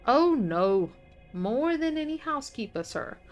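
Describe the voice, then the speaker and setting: A devout, sharp-tongued old housekeeper, played by a woman, prim and quick to take offense. Her voice sits fairly high, with music playing softly behind her. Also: very animated. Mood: indignant.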